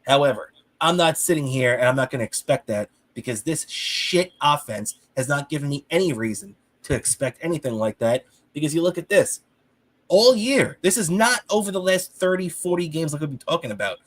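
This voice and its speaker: A man's voice: a little high, a little fast. Fired-up man ranting on sports. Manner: heated, animated ranting; swears freely. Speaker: podcast co-host. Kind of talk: casual sports talk.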